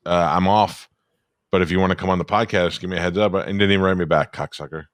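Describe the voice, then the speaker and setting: A podcast co-host tells stories in a blunt, profane way during casual chat, swearing freely. His voice sits low with fairly even intonation and a quick pace, and there's no echo.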